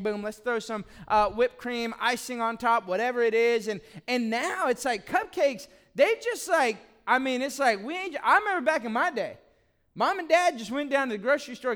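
High-voiced preacher telling stories. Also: male voice. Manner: animated storytelling, acts out scenes. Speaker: pastor. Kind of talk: sermon.

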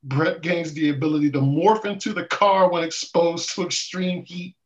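A man's voice: a little high, steady tone, normal speed. A man co-hosting a podcast, reading a cartoon synopsis aloud while trying not to laugh. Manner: amused, stifling laughter. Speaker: podcast co-host. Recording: dull lo-fi sound.

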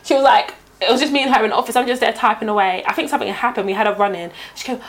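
A woman's voice: a little high, racing, few pauses. A woman from Britain in casual chat, telling stories with emphatic repetition. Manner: animated storytelling, emphatic repetition.

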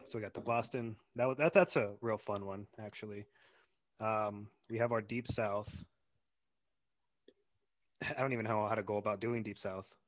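A man's voice: on the low side, fairly even intonation, normal speed, long pauses. A man co-hosting a podcast in casual chat, playful and teasing. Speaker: podcast co-host.

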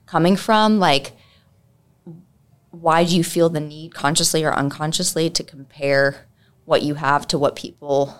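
A woman co-hosting a podcast, with a somewhat low voice. She talks casually and earnestly, thinking her points through with plenty of "like"s. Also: fairly even intonation, measured pace. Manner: earnest, reflective, many "like"s. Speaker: podcast co-host, mental health clinician. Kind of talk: casual chat.

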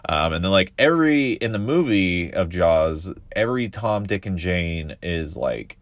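Deep-voiced man rambling casually. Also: lively intonation, unhurried, dry recording. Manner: rambling, with many fillers and profanity. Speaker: podcaster. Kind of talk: casual solo podcast talk.

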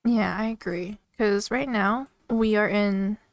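A young woman co-hosting a podcast, speaking in a reassuring, fairly even tone with frequent laughs. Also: medium pitch, slow pace, no echo. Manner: reassuring, even-toned, giggly chat. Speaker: podcast co-host. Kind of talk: casual chat.

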